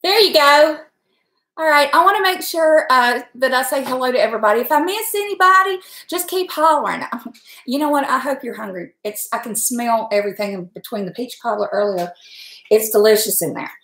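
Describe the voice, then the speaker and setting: A middle-aged woman chats her way through a home cooking stream, folksy and quick, laughing often. Her voice sits a touch high. The kitchen gives it a roomy echo. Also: lively intonation, a bit bright. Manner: chatty, folksy, laughs often, talks fast from nerves. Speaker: home cook and channel host. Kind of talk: casual cooking livestream chat. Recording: echoey kitchen room.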